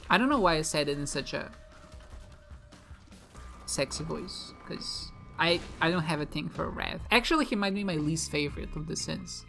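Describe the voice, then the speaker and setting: A woman who creates gaming videos talks at normal speed in a low-pitched, gravelly, somewhat bright voice, animated as she plays. Her let's-play commentary is casual and meandering, self-deprecating, with plenty of giggles and restarted sentences over faint background music.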